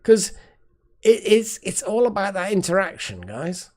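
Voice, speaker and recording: A woman's voice: mid-range voice, very animated, a little slow, darkish tone. A woman hosting a live stream, rambling casually as she thanks her chat viewers one by one. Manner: trailing off with fillers and restarts. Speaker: livestream host.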